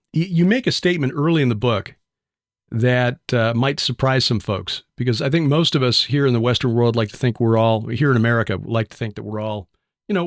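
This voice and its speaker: Man, podcast host, interview questions, halting delivery, repeats words, middle pitch, dry close sound. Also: no echo.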